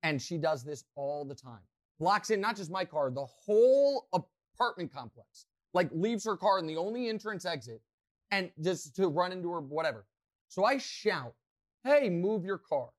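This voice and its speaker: A man hosting a podcast, telling a rambling, self-mocking story with lots of excitement. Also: high-pitched, normal speed. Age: adult, past college. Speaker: podcast host. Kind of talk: animated storytelling.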